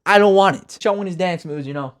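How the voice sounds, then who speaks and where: A young man casually reviewing a TV finale with energetic, slangy, joking talk. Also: high voice, fast talker, noisy background. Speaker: TV review host.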